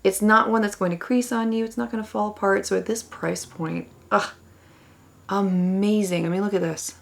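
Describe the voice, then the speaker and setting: A woman's voice: mid-range voice, steady tone, moderate pace, gravelly. A woman talking to camera in a makeup tutorial, enthusiastic and exclaiming over the products she applies. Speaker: beauty vlogger.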